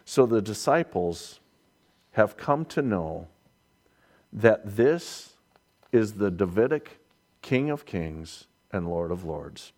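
Male preacher, sermon delivery, emphatic, slow and measured. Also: lowish voice, very animated, darkish tone. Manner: emphatic, repeats key lines for weight.

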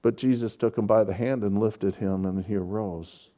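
A man's voice: fairly low pitch, fairly even intonation, normal speed, dark tone. A man preaching a sermon, explaining scripture and pressing points home with emphatic, repeated words. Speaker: pastor.

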